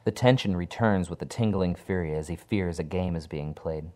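A deep-voiced man narrates a horror story. His delivery is low, dark and measured. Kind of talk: dramatic horror story reading.

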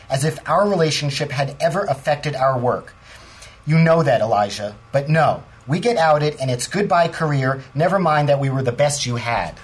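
An actor playing a bitter, sarcastic former paranormal field agent, talking with resentment in an audio drama. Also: male voice, medium pitch, breathy edge. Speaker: lead character.

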